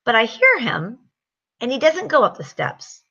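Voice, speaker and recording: A middle-aged woman with a fairly high, slightly rough voice speaks at a moderate pace in a recording with the highs cut off. She tells a personal story and delivers a motivational sales pep talk, animatedly acting out what people said.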